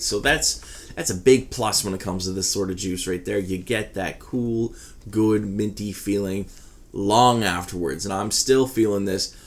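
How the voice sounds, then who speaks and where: A man giving a rambling, casual product review, swearing freely as he talks. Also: fairly low pitch. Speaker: e-liquid reviewer.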